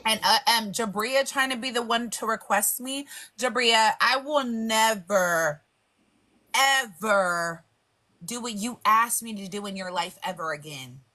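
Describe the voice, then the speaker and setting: A woman's voice: a little high, normal speed, pushed and bright. A woman hosting a live panel, blunt and heated, swearing freely. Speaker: panel host. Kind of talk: casual chat on a live panel.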